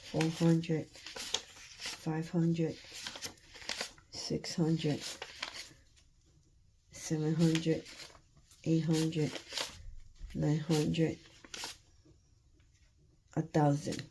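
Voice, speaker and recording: A woman counting cash aloud for her budgeting vlog, murmuring numbers and thinking out loud. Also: deep voice, completely flat delivery, extremely slow, pauses often, background noise. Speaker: budgeting vlogger.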